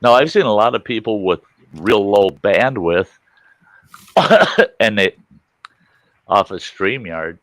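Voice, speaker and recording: A middle-aged man tells a rambling, folksy anecdote in a relaxed chat, his voice sitting fairly low. He restarts his sentences often and drifts from one thought to the next. The sound is close and dry, with almost no room around it. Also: takes it slowly, pauses often, no echo. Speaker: host. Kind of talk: casual storytelling chat on a livestream.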